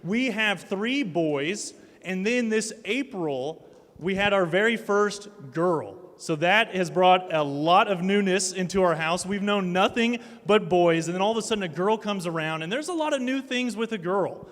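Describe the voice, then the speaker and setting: A man in his thirties speaking at a student ministry night. He gives an animated, self-mocking talk that mixes family stories with a sermon. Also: sits high, moderate pace. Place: large hall with a live audience. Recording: long hall reverb.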